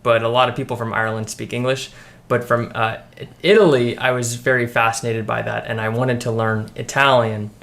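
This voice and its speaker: Young american dude, friendly casual chat, lots of ums n restarts. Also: male voice, mid-range voice, flat delivery, a little fast, vocal fry, a bit bright. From United States. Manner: hesitant, many ums and restarts. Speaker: guest, friend of host.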